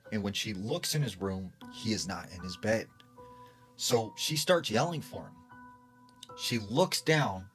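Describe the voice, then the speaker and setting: Guy telling a creepy true story, kinda low voice, says like a lot, soft music behind. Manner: conversational, heavy use of "like", acts out quoted lines. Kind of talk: casual storytime narration.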